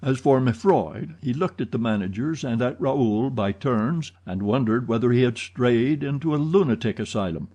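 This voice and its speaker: A man narrating a classic novel as an audiobook, in steady, even storytelling. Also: medium pitch, moderate pace, few pauses, breathy edge. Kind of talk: scripted narration.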